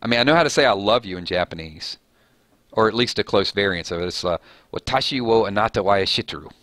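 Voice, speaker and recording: A man's voice: on the low side, lively intonation, fast talker, fairly bright tone, no echo. A man hosting a casual live chat stream, rambling and laughing at his own jokes.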